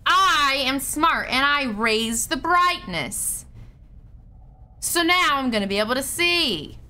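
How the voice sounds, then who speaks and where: A woman's voice: high-pitched, expressive, slow pace, sharp tone. A young woman streaming a horror game live, panicking, shrieking and swearing as she plays. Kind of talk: live gameplay commentary.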